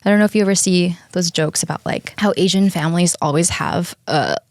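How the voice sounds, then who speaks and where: A woman's voice: on the low side, brisk, no room sound, studio quality. A young woman hosting a podcast, casually telling a personal story, candid, swearing freely and laughing often. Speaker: podcast host.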